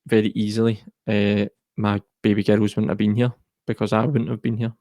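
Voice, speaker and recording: A Scottish man talks as a guest in an earnest, reflective way. His low voice has a gravelly rasp and stays fairly level. The sound is dry and close. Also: monotone, brisk, few pauses, dark tone, no room sound. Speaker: guest, mental health charity co-founder. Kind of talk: personal interview talk.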